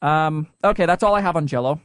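A young man with a Utah accent, co-hosting a podcast in a casual, joking way with quick asides. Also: on the high side, no echo, clean studio sound. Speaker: podcast co-host.

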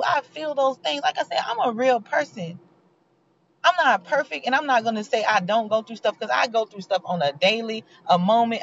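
Woman, motivational faith talk, casual and earnest, slightly high voice, dull recording. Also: a little hiss or hum. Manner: heartfelt, preachy, conversational. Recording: dull lo-fi sound.

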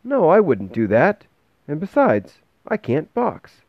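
A man voicing a shy, timid young schoolboy who speaks softly and hesitantly, recorded with a dull, dry sound. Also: on the high side, wildly swooping pitch, takes it slowly, no echo, pitched above the performer's own voice, heavily acted.

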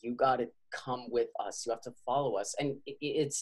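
A man's voice: medium pitch, fairly even intonation, a little fast, few pauses, slightly rough. A man who works as a physical therapist, speaking urgently and passionately as a guest on a podcast and calling out to his listeners as y'all. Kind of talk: podcast interview.

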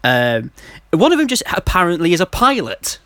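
Mancunian man, casual podcast film chat, higher pitch, dry close mic. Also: wildly swooping pitch, normal speed, a bit bright, no echo. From Manchester. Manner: laughing, rambling, mocking.

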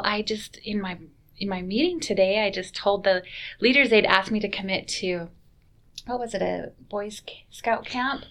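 A woman guest telling a family story in a casual, animated way, acting out quoted lines. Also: medium pitch, moderate pace.

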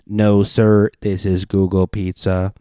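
A man doing a mock robot voice for a male pizza-ordering AI, flat and matter-of-fact, while reading a joke aloud. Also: low voice, takes it slowly, smooth, no room sound, clean studio sound.

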